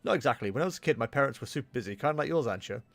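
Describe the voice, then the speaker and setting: A man reading the lines of an upbeat young female Pokemon trainer in his own voice, cheerful and brisk. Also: medium pitch, expressive, gravelly, fairly bright tone, no room sound. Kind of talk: reading game dialogue aloud.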